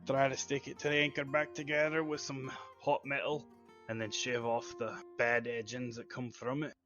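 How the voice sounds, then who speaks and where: A man's voice: mid-range voice, little pitch movement, moderate pace, a bit bright, faint music behind. A man role-playing his character in a tabletop game, talking in a laid-back, folksy way. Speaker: player. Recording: dull, lo-fi mic.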